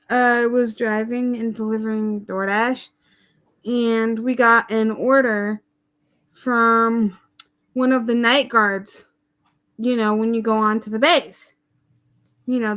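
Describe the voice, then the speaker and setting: High bright woman telling stories. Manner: animated, exasperated storytelling. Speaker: live streamer. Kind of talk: casual storytelling on a livestream.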